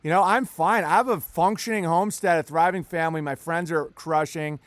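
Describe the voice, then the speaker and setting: A man's voice: a little high, no room sound. A man talking casually and animatedly on a podcast, cursing freely and joking between points. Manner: animated, profane, quick asides and jokes. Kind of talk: casual conversation.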